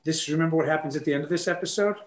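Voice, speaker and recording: A man chatting casually while watching an episode, in a relaxed, self-deprecating manner. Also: a little high, very fast. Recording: echoey room with crowd noise.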